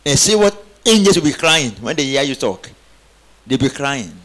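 A man's voice: mid-range voice, very animated, moderate pace, a bit bright. A man preaching a sermon, calling on the congregation to answer back and rising into emphatic exclamations. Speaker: pastor.

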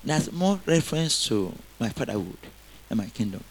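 A man's voice: medium pitch, sing-song, moderate pace. Man preaching a call-and-response sermon. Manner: call-and-response preaching, repeating lines for the congregation.

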